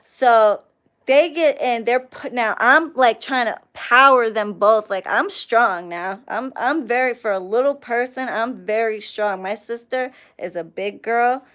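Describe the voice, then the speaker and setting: A young woman hosting a casual livestream, telling a profane, animated story and thanking chat viewers along the way. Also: fairly high pitch, unhurried, clear, resonant tone. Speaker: livestream host.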